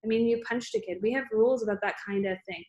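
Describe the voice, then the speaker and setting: A woman reading the lines of a kind but firm male school principal in a calm, reassuring way. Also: on the high side, fast talker, roomy sound, highs cut off, lightly acted.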